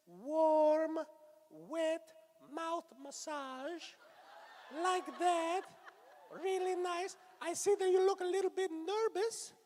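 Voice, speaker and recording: A man voicing a pushy male hand-puppet masseur as a comic bit, talking in a slow, drawn-out, sleazy sales pitch. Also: darkish tone, a little hiss or hum. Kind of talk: comic improvised puppet voice at a fan panel.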